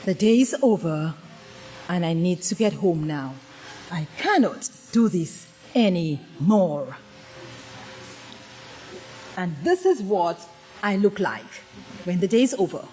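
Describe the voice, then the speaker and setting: A woman giving a dramatic, humorous sermon-style talk to a congregation, swinging between loud exclamations and hushed tones and often asking the audience questions. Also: fairly low pitch, very animated, takes it slowly, pauses often, faint music behind. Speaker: speaker at a women's presentation to a congregation. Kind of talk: preaching with humorous storytelling. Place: congregation gathering.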